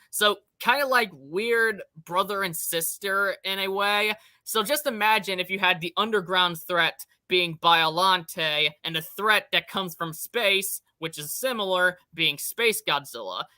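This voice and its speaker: A man's voice: high-pitched, sharp tone, dry recording. A young man hosting a casual podcast chat, rambling enthusiastically and swearing casually. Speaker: podcast host.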